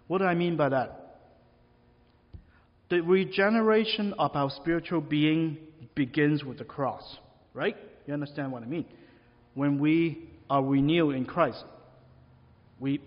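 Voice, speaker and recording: Pastor, male, slightly high voice, conversational sermon, long hall reverb. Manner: conversational preaching with rhetorical questions. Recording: long reverb, dull lo-fi sound.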